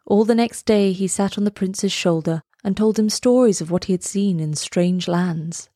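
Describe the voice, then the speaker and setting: A woman reading a fairy tale aloud, slow, lilting and expressive. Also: mid-range voice, no room sound, studio quality. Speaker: storyteller. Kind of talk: storybook read-aloud.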